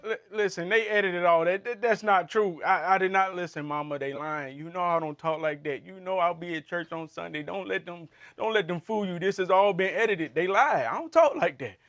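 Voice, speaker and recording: Man, esports analyst, high voice, bright and punchy, slangy trash talk. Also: fairly quick, few pauses, highs cut off. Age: adult man. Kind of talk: casual esports desk chat.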